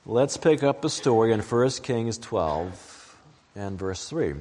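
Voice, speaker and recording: Guy preaching slow and careful, reading scripture out, long echo like a big church hall. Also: on the low side, expressive, darkish tone. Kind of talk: sermon.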